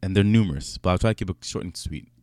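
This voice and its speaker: A man of Jamaican descent co-hosting a podcast in casual chat, animated, often repeating and restarting phrases. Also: sits low, quick pace, no room sound, clean studio sound. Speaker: podcast co-host.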